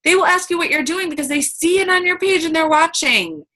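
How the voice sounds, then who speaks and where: A woman's voice: very high-pitched, brisk, sharp tone. A woman giving a chatty, upbeat coaching talk over a video call, full of fillers and quoted asides. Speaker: team coach.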